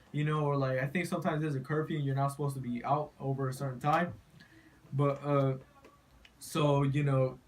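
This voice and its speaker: A man's voice: fairly high pitch, a little hiss or hum. A young man telling a story casually to his viewers, rambling and profane, full of "you know" and "like.". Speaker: vlogger.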